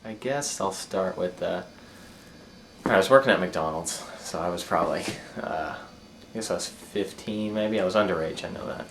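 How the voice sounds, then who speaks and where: A man's voice: low voice, normal speed, gravelly, background noise. A man telling a rambling, profane story about himself, laughing at his own mishaps. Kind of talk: casual personal storytelling.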